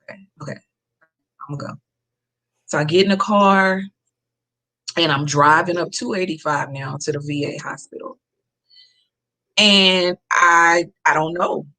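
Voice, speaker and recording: A woman's voice: on the low side, measured pace, long pauses, pushed and bright. A woman, a podcast guest telling a personal story in an earnest, emphatic way and repeating key phrases.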